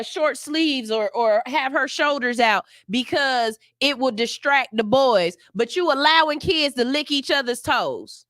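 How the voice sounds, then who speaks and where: A woman's voice: sits high, sharp tone, no echo, clean studio sound. A woman hosting a morning radio show, ranting in outrage with profanity, then reading news stories aloud. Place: radio studio.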